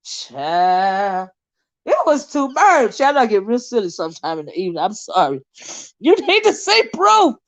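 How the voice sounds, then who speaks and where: A woman with a medium-pitched, sing-song voice hosts a casual live stream at a slightly slow pace, with no room sound. She laughs a lot, teases her chat, and gets sidetracked reading comments.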